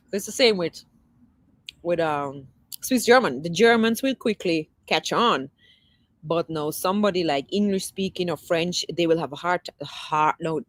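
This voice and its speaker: A woman's voice: medium pitch, no room sound. A woman hosting a casual livestream, chatting loosely and answering viewer comments, often restarting her sentences. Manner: rambling, with many restarts. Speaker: livestream host.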